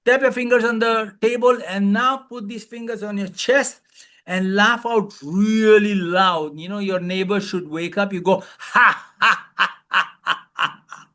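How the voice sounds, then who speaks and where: A man coaching a live webinar, loud and playful, calling out repeated commands and leading laughter exercises over a video call. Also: high voice, steady tone, a little slow. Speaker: wellness coach, webinar speaker.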